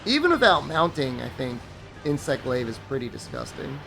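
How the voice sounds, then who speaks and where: Over soft background music, a man chats loosely while streaming a game, sounding tired and sleepy yet very animated. His mid-range voice is fairly bright with vocal fry at normal speed, and his rambling is packed with "like" and "I mean."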